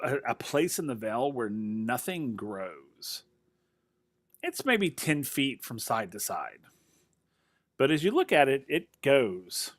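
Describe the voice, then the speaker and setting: A man's voice: medium pitch, a bit bright, no echo, clean studio sound. A man narrating a tabletop game as its game master, chatty and laughing now and then. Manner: chatty, laughs between descriptions.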